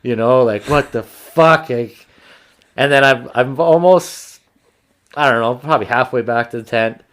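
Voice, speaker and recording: A man hosting a podcast, telling a hunting story in a casual, animated, profane way. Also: medium pitch, moderate pace, clean tone. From Canada. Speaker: podcast host.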